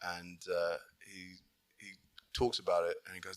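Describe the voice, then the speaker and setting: A man's voice: low-pitched, a little slow, dry recording. A man, the show's producer, chatting casually and telling rambling anecdotes. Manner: rambling anecdotes with restarts, laughs mid-story. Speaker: producer joining the chat. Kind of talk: casual banter.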